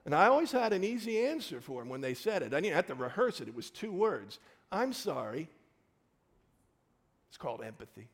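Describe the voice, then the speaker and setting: A man's voice: fairly high pitch, sing-song, quick pace, few pauses, big-room sound. A man preaching a sermon as a pastor, telling personal stories in short, punchy phrases.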